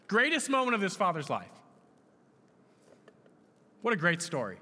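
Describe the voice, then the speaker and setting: A bright, lively male pastor in his thirties, swinging his pitch widely as he preaches and quizzes the congregation. His voice carries a long reverb through a large hall. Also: normal speed, long pauses. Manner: animated, questioning the audience. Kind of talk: sermon.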